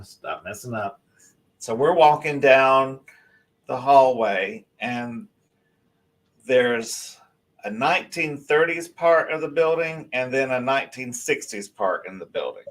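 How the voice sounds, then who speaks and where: Man, rambling, animated, guest storyteller on a live show. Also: medium pitch, a little slow.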